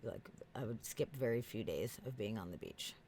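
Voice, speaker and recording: A woman with an East Coast accent co-hosting a podcast livestream, chatty and excitable, swearing casually. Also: rumbling low, moderate pace, slight background noise. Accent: American East Coast. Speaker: podcast co-host.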